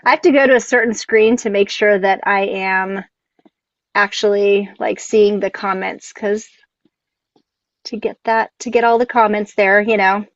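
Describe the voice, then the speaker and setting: A woman's voice: medium pitch, fairly even intonation, unhurried, no echo. A woman co-hosting a casual live stream, rambling, laughing often and tripping over her words. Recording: dull, dry lo-fi sound.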